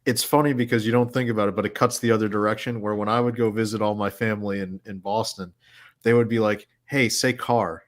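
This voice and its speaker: A man co-hosting a casual podcast chat, relaxed and often laughing as he talks. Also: lowish voice, fast talker. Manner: relaxed, laughs while talking. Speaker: podcast co-host.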